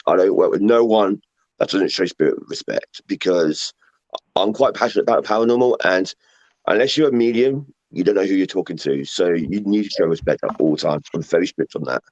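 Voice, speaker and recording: A man with a London accent chats casually as a guest, rambling through his points with lots of fillers and repeats. His voice sits fairly low and dry, and the recording sounds muffled and lo-fi. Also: moderate pace, darkish tone, dry recording. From England. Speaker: guest paranormal investigator. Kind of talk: casual chat. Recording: muffled lo-fi audio.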